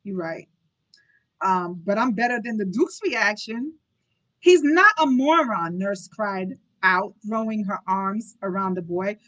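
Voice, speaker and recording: A woman's voice: mid-range voice, fairly even intonation, unhurried, a bit bright, low-quality recording. Book club host: woman, live read-aloud, casual asides and giggles. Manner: giggly, chatty, apologetic asides.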